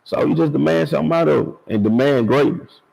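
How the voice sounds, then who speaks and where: A man's voice: fairly high pitch, fast talker, vocal fry, a little mellow, slightly rough, low-quality recording. A football coach talking casually in an interview, telling stories and repeating "man" and "you know.". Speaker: high school football head coach. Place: outdoors at a stadium.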